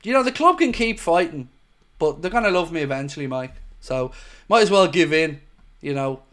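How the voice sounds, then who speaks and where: A man's voice: fairly high pitch, expressive, moderate pace, fairly bright tone. An Irish man hosting a football watchalong stream, chatting casually and reading out viewer comments. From Ireland. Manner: chatty and jokey, calls viewers mate.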